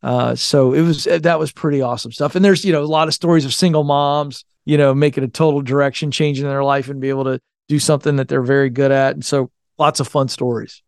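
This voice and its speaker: Earnest, smooth-voiced man telling stories. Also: mid-range voice, fairly even intonation, fast talker, hardly any pauses, no echo, clean studio sound. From Virginia, Tidewater area. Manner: folksy, earnest storyteller. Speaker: guest author. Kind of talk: storytelling in a podcast interview.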